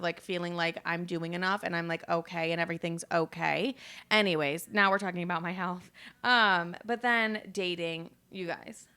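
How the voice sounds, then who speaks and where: A young woman hosts her own podcast as a solo, casual monologue. Her pitch sits right in the middle for a woman. She rambles candidly, leaning on fillers and dropping swear words without a second thought. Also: fairly bright tone. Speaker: podcast host.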